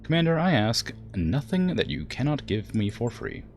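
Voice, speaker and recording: A man voicing an ancient male AI weapons platform, calm and formal, in a smooth put-on generic English accent. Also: medium pitch, moderate pace, pitched above the performer's own voice, lightly acted. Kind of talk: reading game dialogue aloud.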